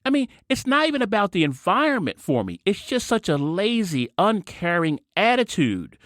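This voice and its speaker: A male podcast host rants sarcastically on his own, his slightly high voice leaping up and down as he gets worked up. The sound is close and dry, with no room around it. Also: normal speed, dry recording. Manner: animated, sarcastic ranting with sudden jumps in pitch. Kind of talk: opinionated solo podcast monologue.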